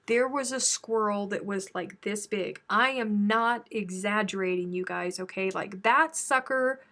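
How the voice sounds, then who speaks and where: A woman's voice: mid-range voice, measured pace, a little hiss or hum. A woman from the American South with a Southern accent, hosting a casual live chat with viewers and telling chatty stories. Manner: chatty storytelling, animated when telling stories. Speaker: crochet live stream host.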